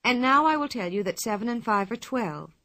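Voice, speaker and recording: A woman reading a storybook aloud, voicing a kind, patient schoolteacher in a friendly, measured way. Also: fairly high pitch, animated, bright, forceful tone, no room sound.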